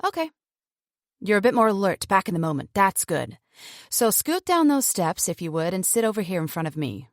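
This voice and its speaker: A woman's voice: medium pitch, very animated, moderate pace, no echo, studio quality. A woman reading an audiobook, voicing a chatty, patronising woman captor who holds a gun and talks falsely soothing. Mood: coolly menacing.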